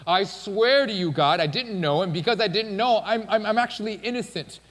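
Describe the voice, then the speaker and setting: A desperate, stammering ancient king, put on by a preacher mid-sermon, his voice pushed up high and loud as he pleads his case. The words ring out through a big reverberant hall. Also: huge pitch swings, normal speed, full character voice. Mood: pleading.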